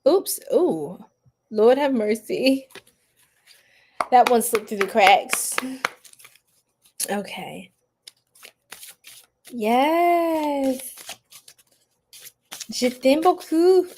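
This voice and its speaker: A bubbly, giggly woman hosting a tarot livestream, chatting with viewers, laughing often and gasping with excitement. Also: high-pitched, extremely slow, pauses often. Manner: gasps and squeals with excitement. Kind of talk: live chat with viewers.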